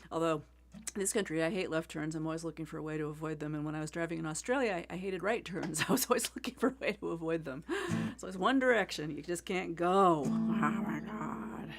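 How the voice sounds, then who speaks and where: A woman's voice: deep voice, fast talker, soft background music. A middle-aged woman hosting a casual livestream between songs, chatty and rambling, greeting viewers by name and laughing often. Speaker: singer-songwriter host.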